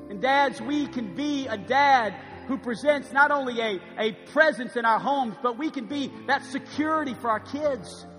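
A preacher in his fifties with a very high voice, delivering a sermon in a big church sanctuary. He drops to near-whispers and then rises to loud emphasis. Long reverb fills the hall, and guitar music plays clearly behind him. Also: moderate pace, few pauses. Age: 50s. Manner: preaching with swings from hushed to loud. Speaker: pastor.

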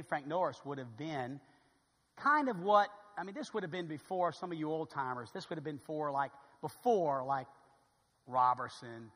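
Male pastor, fervent sermon delivery, high voice, echoing sanctuary. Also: slightly rough. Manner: builds from quiet storytelling to loud fervent preaching.

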